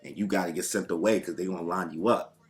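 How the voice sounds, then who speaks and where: A man's voice: sits low, steady tone, fast talker. A man talking casually and loosely, swearing and trailing off with fillers, as a podcast guest. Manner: laid-back, loose and profane, lots of fillers. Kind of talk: casual chat.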